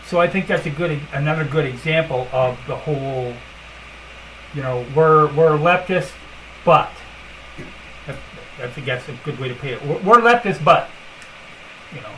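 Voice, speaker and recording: A woman's voice: sits low, moderate pace, pauses often, slight background noise, low-quality recording. A woman hosting a casual livestream, talking bluntly and emphatically with lots of fillers and asides at her computer. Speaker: livestream host.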